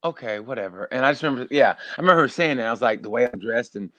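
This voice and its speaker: A man, a guest comedian, chatting casually on a podcast with high, animated energy, telling stories. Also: racing, no room sound.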